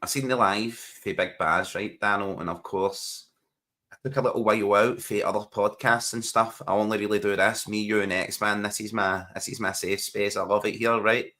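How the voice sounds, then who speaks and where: A man co-hosting a laid-back match-night podcast, quick with a joke and a laugh. His voice sits fairly low but comes across bright and forceful. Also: steady tone. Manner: jokey, laughs often. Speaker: podcast co-host. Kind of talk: casual chat while watching a match.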